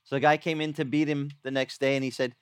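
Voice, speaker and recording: A man's voice: mid-range voice, level tone, quick pace, clear, resonant tone, no room sound, studio quality. A middle-aged man preaching a sermon in a conversational, storytelling way, acting out quoted lines. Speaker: pastor. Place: outdoor beach gathering.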